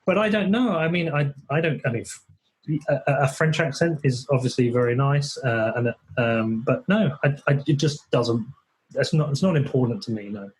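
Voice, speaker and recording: A man's voice: medium pitch, normal speed, slightly rough. An English man, a podcast guest, talking bluntly in casual chat, swearing and restarting his sentences often. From England.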